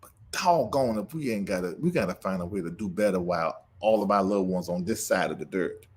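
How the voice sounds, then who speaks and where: In a low, slightly mellow voice with lively intonation, a man hosting a livestream talks a little fast. He preaches emotionally to viewers, laughs through his grief and reads their comments aloud, greeting each one.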